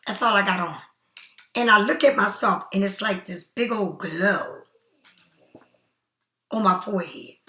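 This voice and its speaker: A woman's voice: mid-range voice, unhurried, long pauses, sharp tone, reverberant. A woman giving a casual tarot reading straight to the viewer, repeating herself for emphasis as she offers spiritual encouragement. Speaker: tarot card reader.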